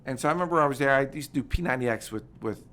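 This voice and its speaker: A middle-aged man talking at a brisk, rapid clip in a casual interview. He tells energetic stories and acts out the people he quotes. His pitch sits at an ordinary middle level. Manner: energetic, animated storytelling that acts out quoted conversations. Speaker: guest, military veteran and former congressman.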